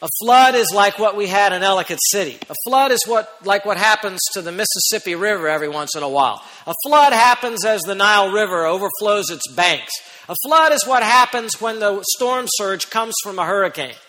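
A man preaching a sermon as pastor, who speaks emphatically and rises to near-shouts on key points. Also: sits high, fairly quick, hardly any pauses, in a large hall, slight background noise.

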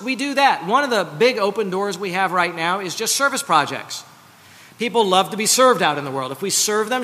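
A man preaching a sermon as pastor, earnest and emphatic, slowing down to stress solemn points. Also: high-pitched, bright, forceful tone. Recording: long hall reverb.

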